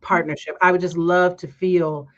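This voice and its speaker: A woman's voice: fairly low pitch, moderate pace. A woman hosting a casual talk stream, telling stories with energy and acting out the people she quotes. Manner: animated storytelling, acts out quoted voices. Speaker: host. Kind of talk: casual chat. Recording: dull lo-fi stream audio.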